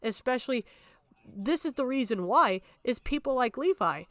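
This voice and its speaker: A high-pitched woman speaks with raw indignation into a dry, close mic at home. She presses her points on a livestream and keeps apologizing for how worked up she is. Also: animated, moderate pace, no echo. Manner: impassioned and indignant, with repeated apologies. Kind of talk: emotional commentary on a livestream. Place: home room.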